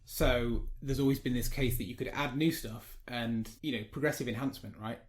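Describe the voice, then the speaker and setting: Male podcast co-host, chatty casual talk, mid-pitched voice. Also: fairly even intonation, brisk. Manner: chatty, thinking aloud, trailing off. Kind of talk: casual chat.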